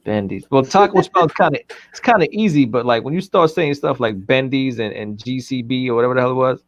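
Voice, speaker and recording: A man's voice: medium pitch, brisk, no room sound. A man co-hosting a casual live chat, telling rambling stories and laughing often. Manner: loose, joking storyteller, laughs often. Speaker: co-host.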